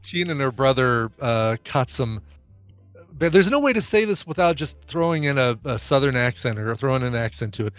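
Relaxed, rambling male podcast co-host. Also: mid-range voice, normal speed, no echo, faint music behind. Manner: relaxed, rambling, lots of ums and laughs. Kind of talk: casual chat.

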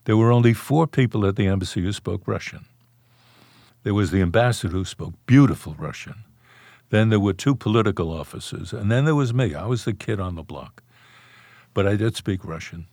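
Older man telling stories, low voice. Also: expressive, fairly quick, gravelly, darkish tone, no room sound, clean studio sound. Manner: anecdotal, wry, chuckles while recalling. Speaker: author and interview guest. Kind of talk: storytelling in a podcast interview.

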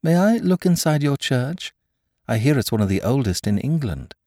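A man voicing a cheerful small priest-detective in a dramatized story reading, speaking gently with quiet amusement. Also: medium pitch, big pitch swings, normal speed, no room sound, clean studio sound, pitched above the performer's own voice. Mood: mild, amused. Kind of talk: audiobook character voice.

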